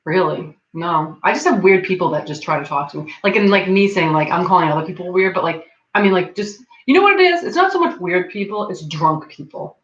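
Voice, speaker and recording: Chatting a little fast with few pauses, a young adult woman hosts a stream in a fairly low voice with lively intonation. She rambles, leans on "like" and laughs a lot. The audio is dull, lo-fi and echoey.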